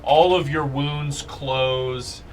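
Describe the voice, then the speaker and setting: A man narrating slowly as game master of a tabletop game, relaxed and full of fillers. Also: mid-range voice, background noise.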